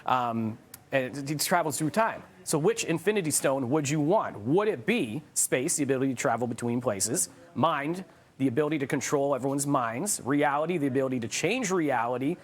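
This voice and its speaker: A man, a morning TV entertainment reporter, telling a story in animated, fast casual banter. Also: mid-range voice. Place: TV studio.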